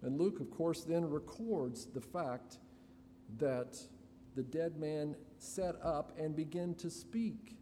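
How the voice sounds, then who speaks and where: A man preaching an expository sermon to his congregation, slow and deliberate with dramatic pauses. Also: fairly high pitch, warm tone. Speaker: pastor. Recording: reverberant hall, faint room noise.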